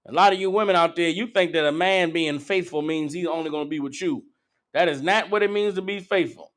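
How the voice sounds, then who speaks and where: A man with a high voice preaches a street-style sermon in a blunt, profane way. He mocks people by putting on their voices and hammers his points home. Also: brisk. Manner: blunt, profane, mocking impressions of women. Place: meeting hall.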